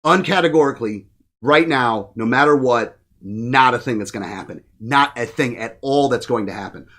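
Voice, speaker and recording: A man's voice: mid-range voice, normal speed, fairly bright tone. A man speaking as a podcast guest in a studio, ranting bluntly in casual talk full of profanity. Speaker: guest, political activist.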